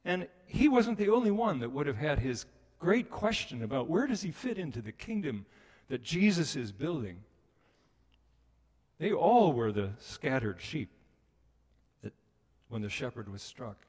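A man preaching a sermon as a pastor, telling the story with animated delivery and acting out the voices of people he quotes. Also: a little high, a little slow, pauses often, big-room sound.

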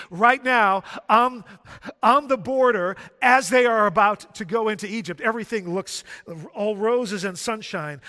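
Man preaching, high for a man, slow and deliberate, emphatic repetition. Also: bright, forceful tone. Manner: emphatic, repetitive rhetorical build-up. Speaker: pastor. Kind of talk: sermon. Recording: long hall reverb.

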